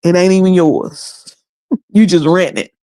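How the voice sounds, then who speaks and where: A woman's voice: fairly low pitch, a little slow, dark tone, dry recording. A woman hosting a livestream, talking in a colloquial, preachy way and laughing often. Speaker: livestream host. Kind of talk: casual livestream commentary.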